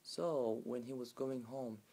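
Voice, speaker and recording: Guy retelling a folk story, broken english, lots of you know, raspy voice, bit of background hiss. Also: mid-range voice, mellow. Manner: halting, with many restarts and "you know" fillers; non-native grammar. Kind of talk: casual folk tale telling.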